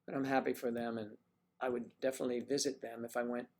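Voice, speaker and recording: A man's voice: mid-range voice, flat delivery, quick pace, darkish tone. A man hosting a livestream, chatting casually with viewers in a rambling, teasing way. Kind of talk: casual chat.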